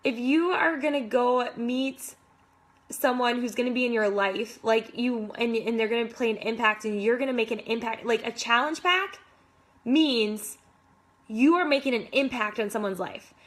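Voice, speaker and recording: Young woman, fitness coach, motivational talk, eager and chatty, a bit high-pitched. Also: normal speed. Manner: enthusiastic, lots of "like".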